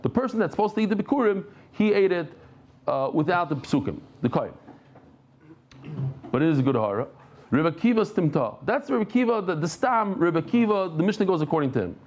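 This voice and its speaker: Lively man teaching Talmud, slightly high voice. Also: fast talker, dull audio. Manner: lively, jumps between thoughts, self-interrupting; banters with listeners in the room. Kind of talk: daily Talmud lecture to a live audience.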